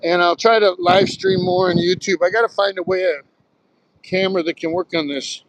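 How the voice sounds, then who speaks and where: A man's voice: sits high, steady tone, normal speed, poor audio. A man in his sixties from Southern New Jersey, rambling through stories on a casual live stream while walking on a beach, phone in hand. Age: 60s. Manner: rambling, storytelling, swears casually. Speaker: live streamer, retired Marine pilot. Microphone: phone held while walking.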